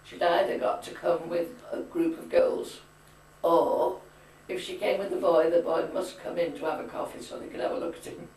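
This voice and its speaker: A woman's voice: on the low side, steady tone, normal speed, darkish tone. Elderly woman, chatty storyteller with firm opinions; echoey home-video sound, distant mic. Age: older. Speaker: grandmother being interviewed. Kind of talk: reminiscing casual chat. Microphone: camcorder mic. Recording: echoey room, far from camcorder mic.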